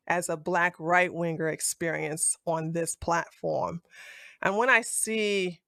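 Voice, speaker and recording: A woman streamer giving blunt, profane live-stream commentary. She calls her listeners baby and honey with a sassy edge, and she breaks into loud outbursts. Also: lowish voice, no echo. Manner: blunt, heavy cursing, rising to loud outbursts.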